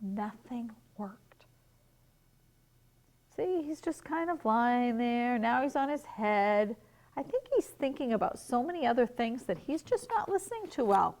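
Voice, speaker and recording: A woman teacher reading a picture book to young children at home, gently asking questions and explaining words. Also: fairly high pitch, very animated, normal speed.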